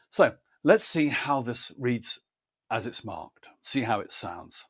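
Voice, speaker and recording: Measured man teaching poetry. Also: mid-range voice, animated. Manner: measured, precise, explanatory. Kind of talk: scripted instructional talk.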